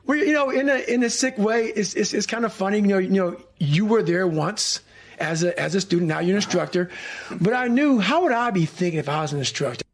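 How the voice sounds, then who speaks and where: This high, animated voice belongs to a former special forces trainee whose war-training story comes out intense, profane, and motivational. He keeps a brisk pace, cursing and performing the shouted lines himself.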